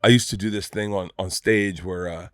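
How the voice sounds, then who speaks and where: A man who is a comedian guest, telling an animated, profane story in casual chat, laughing and acting out the people in it. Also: sits low, moderate pace, no echo, clean studio sound. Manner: profane, laughing, acts out voices in his stories.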